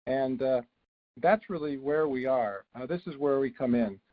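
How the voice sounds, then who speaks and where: A man speaking as a guest doctor on a phone call, talking in a relaxed, chatty way with many fillers. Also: medium pitch, moderate pace. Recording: dull phone line.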